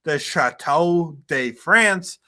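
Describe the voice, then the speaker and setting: A man tells a soldier's story in a casual chat, pausing often on uh and um. His voice is bright and tense. It sits a little higher than most men's. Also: expressive. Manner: recounts history with hesitant uh and um fillers. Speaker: guest author.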